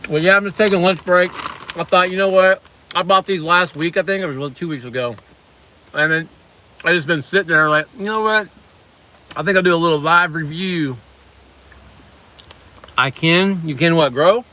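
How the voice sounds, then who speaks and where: A man's voice: on the high side, moderate pace, pauses often, sharp tone. A middle-aged man casually chatting on a livestream, rambling as he reviews snacks and reads out viewer comments. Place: on lunch break at a waterfront work site.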